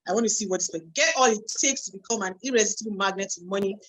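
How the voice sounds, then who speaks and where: A woman with a Nigerian English accent hosts a live online meeting. She talks in a chatty, lively way and reads audience comments aloud as they arrive, heard through a computer mic on a video call. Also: medium pitch, rapid-fire, low-quality recording. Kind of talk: hosting a live online webinar.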